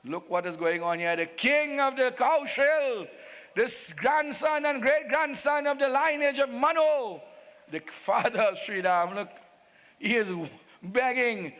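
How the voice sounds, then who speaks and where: A high-voiced man narrates a religious folk play live, slipping in playful jokes. His voice booms with long echo through an open-air loudspeaker. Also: animated, a little slow. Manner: playful, joking asides. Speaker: stage narrator.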